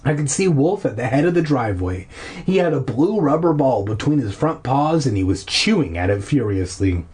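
Husky man casually reading a story aloud. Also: medium pitch, big pitch swings, moderate pace, a little mellow. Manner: irreverent, laughs and swears at his own slips. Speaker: reader of a children's horror novel. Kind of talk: casual audiobook reading with jokey asides.

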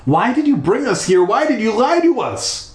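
A man voicing a frightened young girl who screeches high pleas, recorded in an echoey bathroom. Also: big pitch swings, normal speed, darkish tone. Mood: screeching.

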